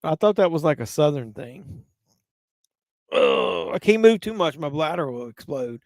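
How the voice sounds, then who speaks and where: A man's voice: on the high side, lively intonation, unhurried, darkish tone, dry recording, studio quality. Tipsy man rambling on a live stream. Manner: rambling, profane, answers chat messages. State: tipsy from drinking. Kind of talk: casual live-stream chat during a movie watch-along.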